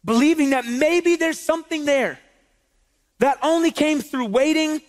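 A man in his thirties, a pastor, giving a sermon in a chatty, animated way with casual stories and rhetorical questions to the congregation. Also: extremely high pitch, a little slow. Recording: long reverb in a large hall.

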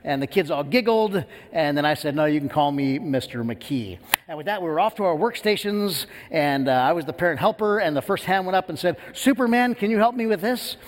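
A middle-aged man preaching a sermon as pastor, telling a story with lively quoted voices in a church. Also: fairly high pitch, brisk, few pauses, slight background noise. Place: church sanctuary. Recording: long hall reverb.

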